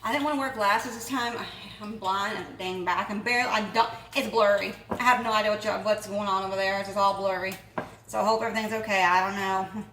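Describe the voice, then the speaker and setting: A woman's voice: mid-range voice, fairly even intonation, fast talker, a bit bright. Lady rambling through a cooking vlog, laughs a lot, faint hiss, kinda far from the mic. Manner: chatty and rambling, laughs often. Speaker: home cook and channel host. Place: home kitchen. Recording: echoey room, voice off-mic, faint noise.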